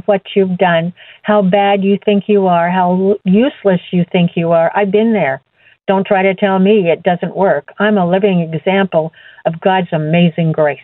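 A woman giving an earnest personal faith testimony as an interview guest, halting and repeating words as she goes. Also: mid-range voice, no room sound. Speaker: guest sharing her testimony. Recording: tinny phone line, dry.

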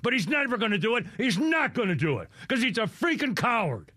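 A man's voice: extremely high pitch, very animated, brisk, pushed and bright, no room sound. A man hosting a talk radio show, ranting in anger with mild swearing, often breaking off and starting over. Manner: angry, swearing, trailing off and restarting. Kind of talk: heated talk radio rant.

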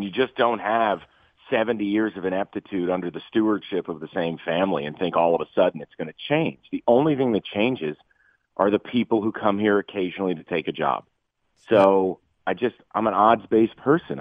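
A man calls in to a sports talk show over a thin, tinny phone line. His voice sits low and dry, and he talks bluntly, laying out his betting picks with firm opinions. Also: no echo. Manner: blunt, opinionated, odds-focused. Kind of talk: call-in radio chat.

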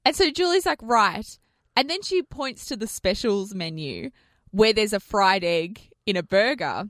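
A woman's voice: medium pitch, no room sound, clean studio sound. Chatty radio co-host woman. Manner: animated storyteller, quick asides. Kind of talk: casual breakfast radio chat. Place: radio studio. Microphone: studio microphone.

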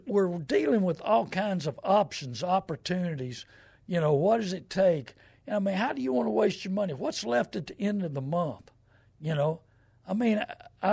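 A man's voice: high-pitched, creaky, darkish tone, slightly rough. A middle-aged man, a show host, giving casual advice in a rambling, folksy, emphatic way.

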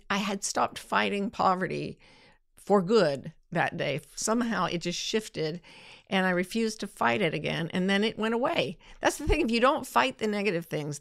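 A woman's voice: lowish voice, vocal fry, no echo, clean studio sound. A woman hosting a talk, answering listener questions in a candid, self-deprecating way. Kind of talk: reflective casual talk.

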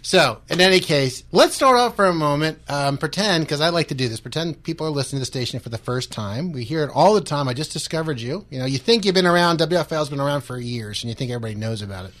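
A chatty male radio host with a fairly high voice. He talks in an animated way and acts out quotes from other people as he leads the interview. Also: quick pace, few pauses.

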